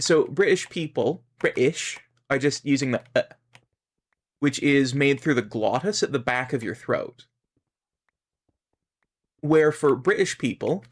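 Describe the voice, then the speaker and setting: A man with a Canadian accent chatting casually while streaming a game, rambling and musing aloud. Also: medium pitch. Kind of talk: casual gaming stream chat.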